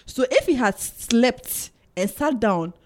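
Animated woman guest recapping a show. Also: on the high side, takes it slowly. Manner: animated, emphatic, laughs often; dramatic retelling with repeated phrases. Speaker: podcast guest. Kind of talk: casual TV recap chat.

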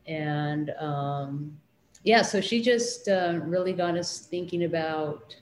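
Low-voiced woman recalling, echoey room. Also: slow pace, a little hiss or hum. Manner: hesitant, many fillers and restarts. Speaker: interviewee, children's librarian. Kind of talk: casual interview recollection.

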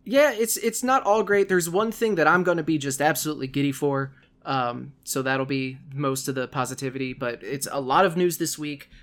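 A man's voice: a little high, normal speed, fairly bright tone. A man hosting a casual podcast, chatting animatedly, laughing often and acting out quotes. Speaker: podcast host.

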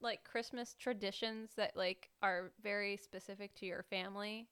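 A woman's voice: mid-range voice, steady tone, normal speed, a bit bright, smooth. A young woman co-hosting a podcast in casual chat, bubbly and rambling with giggles. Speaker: podcast co-host.

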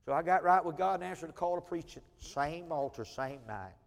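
A man preaching a sermon, telling a personal testimony in a folksy style and swinging between loud and soft. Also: on the high side, animated, brisk, vocal fry. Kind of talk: sermon storytelling. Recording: long hall reverb.

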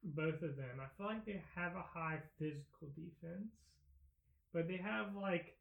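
A man's voice: fairly high pitch, a little slow, vocal fry. A man chatting casually in a podcast discussion, rambling with hesitant restarts. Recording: tinny phone-like line, roomy echo.

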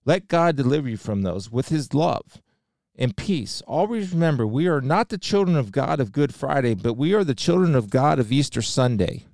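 A man's voice: mid-range voice, expressive, normal speed, creaky, darkish tone, dry recording, clean studio sound. A middle-aged man giving an earnest spoken devotional talk, quoting scripture and sharing a personal story. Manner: earnest, preacherly, quotes scripture. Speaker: speaker sharing faith.

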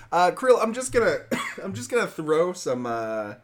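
Lively quizzing male podcast host. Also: sits high, a little slow, background noise. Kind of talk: casual sports chat.

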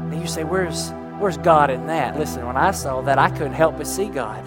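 A man's voice: fairly high pitch, normal speed, few pauses, over music. A man preaching a sermon as pastor, building intensity toward emphatic points.

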